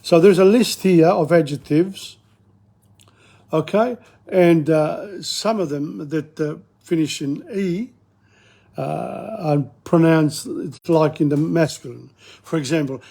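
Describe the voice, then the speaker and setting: An older man teaching a casual language lesson, talking haltingly with many fillers and restarts and repeating words slowly. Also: on the high side, gravelly, mellow, breathy edge.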